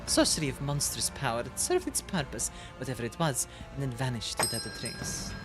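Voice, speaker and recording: A cold, condescending ancient alien seer from a video game speaks in a low, hushed and solemn voice, put on by a woman reading the lines aloud. Every word looks down on the listener. The intonation rises and falls in wide swings, with soft music behind. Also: very animated, fairly quick. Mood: haughty, solemn.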